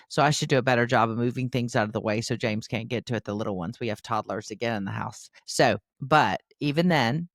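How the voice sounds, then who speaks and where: A woman's voice: rumbling low, no echo. Earnest older woman, dry close sound. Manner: earnest, warmly instructive, acts out quoted voices. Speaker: parenting podcast host. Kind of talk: conversational advice talk.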